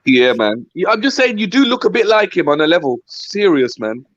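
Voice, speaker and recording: A man's voice: high voice, big pitch swings, brisk. A man on a call to a live stream, talking in an earnest, slangy, persuasive way. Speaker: guest on stream. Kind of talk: casual chat over a call. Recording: dull, dry lo-fi call audio.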